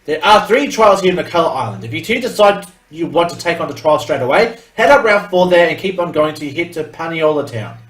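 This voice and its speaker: Casting: relaxed game professor, read by a man, easygoing, roomy sound. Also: a little high, fairly quick, hardly any pauses, distant mic. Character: laid-back adult male professor.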